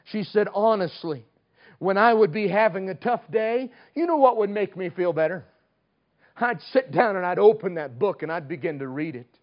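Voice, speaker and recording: A man preaching a sermon, swinging between loud emphatic lines and hushed ones. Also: sits high, lively intonation, normal speed, highs cut off.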